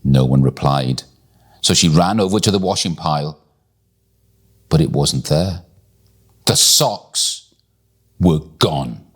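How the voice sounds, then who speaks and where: A man reading a bedtime story aloud in an expressive, deliberate storytelling manner. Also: a bass voice, slightly rough.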